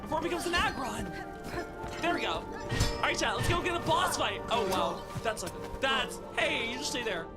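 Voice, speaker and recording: Young female streamer, high lively voice, excitable and loud during play. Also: normal speed, loud music behind the voice. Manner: excitable, shouts and exclaims at the game. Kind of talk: live gameplay commentary.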